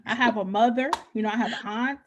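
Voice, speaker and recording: A woman's voice: on the high side, steady tone, fairly quick, noisy background. A woman guest talking candidly and casually, swearing freely and restarting her sentences with repeated words. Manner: frank, profane, repeats words as she restarts. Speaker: podcast guest.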